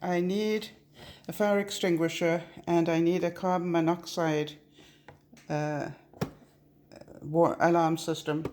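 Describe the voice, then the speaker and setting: A middle-aged woman, chatting to camera in an opinionated, rambling way while driving. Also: lowish voice. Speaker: vlogger. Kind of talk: casual chat to camera. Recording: distant mic with loud car and street noise. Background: car and traffic noise.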